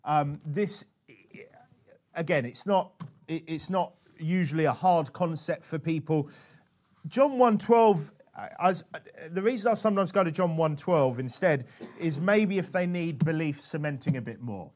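A man giving an animated, conversational teaching talk as a preacher, often restarting his sentences. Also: on the high side, measured pace. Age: adult father. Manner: animated and chatty, with frequent restarts. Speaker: preacher teaching soul-winning.

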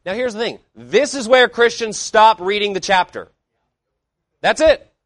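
In a high voice with lively intonation, a pastor preaches at a measured pace to his congregation. He asks rhetorical questions and swings between loud declarations and quiet asides in an emphatic style. The studio-quality recording has no echo.

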